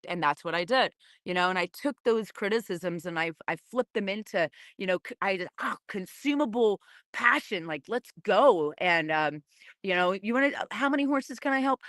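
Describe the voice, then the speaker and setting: A middle-aged woman talks through a personal story in a loose, chatty way, stumbling over restarts and fillers and slipping into little voices when she quotes people. Her pitch sits in the middle of the range. The sound is dry and close, with no room echo. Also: sharp tone. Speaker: podcast host and horse programs founder. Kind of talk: casual storytelling monologue.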